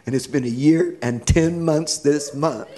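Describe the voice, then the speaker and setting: A man's voice: on the high side, unhurried, mellow. A middle-aged man, a guest in an interview, telling his own life story with earnest feeling and a laugh now and then. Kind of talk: personal testimony in church.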